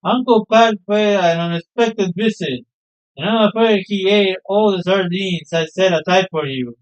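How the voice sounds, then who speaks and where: A man's voice: high-pitched, normal speed, clear, resonant tone, natural voice, low-quality recording. A man reading aloud the lines of a fond, exasperated mother in a game, in a chiding, homely way. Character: fussing middle-aged mother, fond and exasperated.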